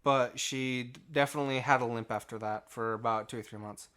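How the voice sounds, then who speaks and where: A man's voice: medium pitch, steady tone, brisk, fairly bright tone, smooth. A man co-hosting a casual podcast chat, talking close to the mic in a rambling, hesitant way with many restarts. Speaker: podcast co-host.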